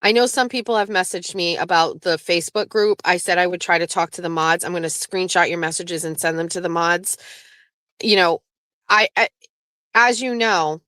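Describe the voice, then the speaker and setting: A woman's voice: fairly low pitch, moderate pace, sharp tone, clear, resonant tone, dry recording. A woman hosting a live stream, chatting casually and bluntly with her viewers and swearing freely. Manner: blunt, profane, talks back to chat. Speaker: livestream host.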